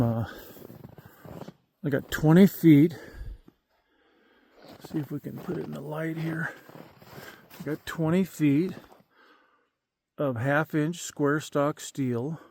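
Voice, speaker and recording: A man's voice: on the high side, creaky, a little mellow, slight background noise. A man in his fifties rambling folksily with lots of fillers, vlogging outdoors at night in the countryside. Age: 50s.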